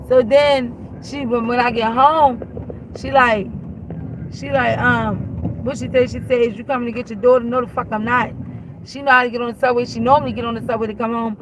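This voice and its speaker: A woman's voice: on the high side, steady tone, normal speed, slight background noise, rough recording. A woman telling a long, exasperated story as a show host, acting out both sides of the argument and swearing freely. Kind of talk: animated storytelling rant.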